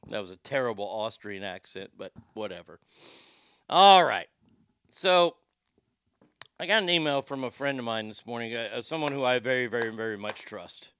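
A man's voice: mid-range voice, expressive, normal speed, a bit bright, smooth, dry recording, clean studio sound. A man hosting a livestream, chatting casually and reading viewer comments in a rambling, profane way. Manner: rambling and profane, with frequent restarts.

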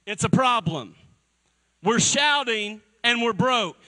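A male pastor preaching a sermon to a congregation in a church, energetic and calling for responses from the crowd. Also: very high voice, slow, poor audio.

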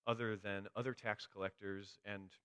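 A man's voice: fairly low pitch, level tone, moderate pace, pushed and bright, clean tone, no echo. A man giving a sermon, telling a story with dry humor. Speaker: preacher.

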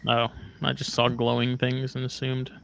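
A man's voice: mid-range voice, monotone, normal speed, vocal fry, fairly bright tone, clean tone. A man hosting a podcast, joking and teasing in casual chat. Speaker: podcast host.

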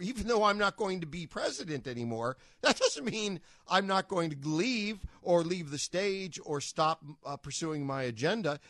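Male talk radio co-host, slightly high voice, wry and emphatic, dry studio mic. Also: a bit bright, no room sound. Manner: wry, emphatic, quick with quips. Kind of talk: political talk radio commentary.

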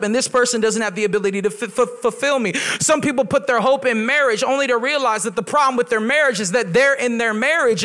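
High-voiced young pastor telling stories. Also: male voice, clean tone. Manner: lively storytelling with quoted voices. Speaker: guest pastor. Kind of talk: humorous sermon. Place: church.

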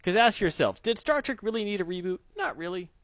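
A man's voice: sits high, animated, brisk, a bit bright, no room sound, muffled recording. A man co-hosting a casual podcast, joking and laughing often as he riffs on comics and movies. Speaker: podcast co-host.

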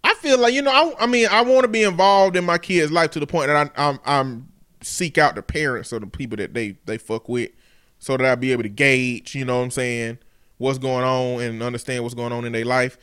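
A man's voice: mid-range voice, brisk, fairly bright tone, clean tone. A middle-aged man hosting a casual talk show, telling stories with profane, emphatic talk. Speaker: podcast host. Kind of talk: casual chat.

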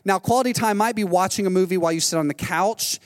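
Man, sermon, animated storyteller, slightly high voice, long hall reverb. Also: quick pace. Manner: animated storytelling, acting out quotes. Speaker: pastor.

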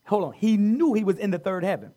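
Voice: medium pitch, lively intonation, fast, dark tone. A co-leader in a Bible study who answers with frequent affirmations and adds their own thoughts. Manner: affirming interjections.

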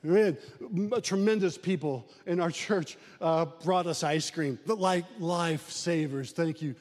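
High-voiced preaching man in a hall. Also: measured pace, darkish tone. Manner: preaching with emphatic rises and sudden drops. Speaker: pastor. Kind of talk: sermon.

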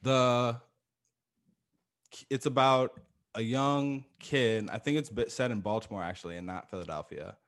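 A man's voice: mid-range voice, measured pace, a bit bright. A man co-hosting a podcast in casual chat, loose and profane, repeating himself for emphasis and laughing often. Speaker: podcast co-host.

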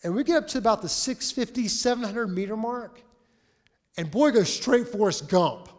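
A man in his forties preaching a sermon as pastor, telling a story with lively acted-out dialogue. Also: sits high, moderate pace. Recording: long reverb of a large hall.

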